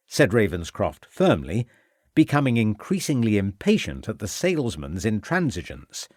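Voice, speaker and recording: A man narrating an audiobook mystery in a measured, expressive storytelling style. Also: fairly low pitch, dry recording, clean studio sound. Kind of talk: scripted narration.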